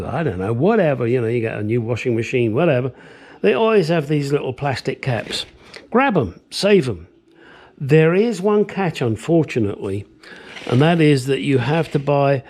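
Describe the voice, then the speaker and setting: A man's voice: medium pitch, big pitch swings, normal speed, a little mellow. Retired-sounding older man, casual workshop vlogger, blunt and chatty, goes off on tangents. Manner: chatty, blunt, rambling asides. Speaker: home mechanic restoring a car. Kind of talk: casual workshop vlog narration.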